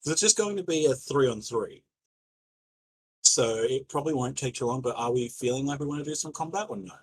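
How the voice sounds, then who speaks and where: A man's voice: medium pitch, a little fast, a little hiss or hum, rough recording. A man running a tabletop game as game master, narrating loosely with many fillers and casual swearing.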